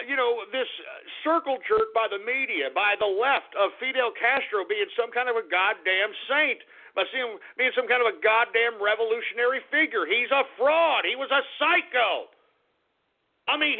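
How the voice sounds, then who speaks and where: Angry high-voiced gravelly man ranting. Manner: angry, profane, repeats himself, sighs a lot. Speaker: radio show host. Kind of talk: ranting talk radio monologue. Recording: tinny phone-like lo-fi radio recording.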